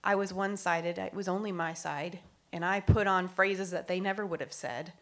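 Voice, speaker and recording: A woman with a fairly low but bright voice speaks at normal speed in a steady tone, reflecting earnestly on faith and prayer. She thinks aloud with fillers and restarts, laughs often, and sometimes drops almost to a whisper.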